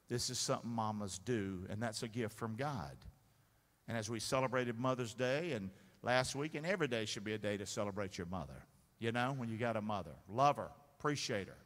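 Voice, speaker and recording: A man preaching a sermon as pastor, energetic and calling for the congregation's responses. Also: fairly low pitch, normal speed. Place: large church sanctuary. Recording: long hall reverb in church.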